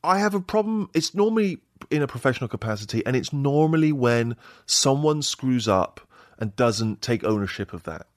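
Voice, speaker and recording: A man's voice: mid-range voice, lively intonation, normal speed, dry recording, clean studio sound. A man talking as a podcast guest, hesitant and wry, often correcting himself mid-sentence. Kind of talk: casual chat.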